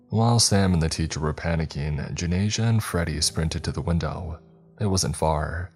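A man narrating a first-person horror story in a calm storytelling voice with dry asides. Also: low-pitched. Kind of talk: scripted narration.

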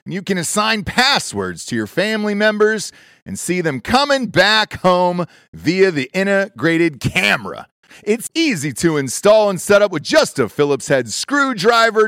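A man reading a loud, emphatic advertisement in a pitched-up voice. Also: very animated, a little slow, no room sound, clean studio sound. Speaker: ad reader. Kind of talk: energetic ad read.

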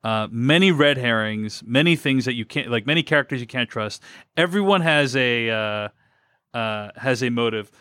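A man's voice: mid-range voice, lively intonation, normal speed, bright, forceful tone, clear, resonant tone, no room sound, studio quality. A man co-hosting a film podcast, talking casually and rambling through his thoughts with many fillers and restarts. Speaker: podcast co-host. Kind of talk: casual film review chat.

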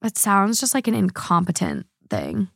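A woman's voice: medium pitch, huge pitch swings, normal speed, vocal fry, husky, no echo, clean studio sound. A woman hosting a podcast, a little drunk, rambling through online comments with lots of fillers and slips. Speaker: podcast host. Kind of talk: casual chat reading online comments.

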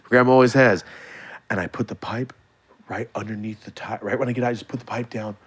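A man in his late twenties telling a story in casual podcast chat, animated and swearing freely. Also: on the low side, a little fast, slightly rough. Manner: animated, swears freely, acts out quoted voices.

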